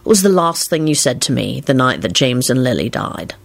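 A reader voicing a tired, wary grown male wizard who mumbles low and quietly. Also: a little fast, gravelly. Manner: low, hushed, flat mumbling.

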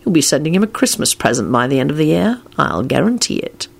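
A woman's voice: low-pitched, very animated, fast, creaky, husky, full character voice. A woman doing a stern, commanding wizard man. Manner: stern and firm.

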